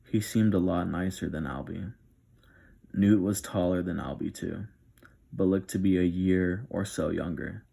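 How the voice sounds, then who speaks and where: Deep gravelly man reading softly. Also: a little slow. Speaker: narrator. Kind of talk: ASMR story reading.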